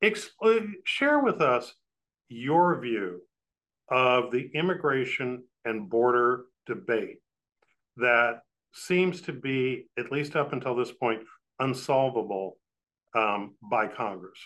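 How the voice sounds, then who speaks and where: A man interviewing a congressman, asking long questions in a halting, searching way. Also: mid-range voice, animated, fairly bright tone.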